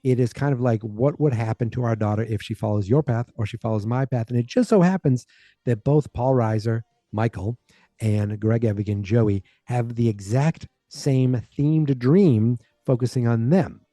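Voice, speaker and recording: A man hosting a podcast, casually recapping a sitcom episode in a rambling way and jumping into a higher voice to quote the characters. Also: normal speed, dark tone, dry recording. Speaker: podcast host.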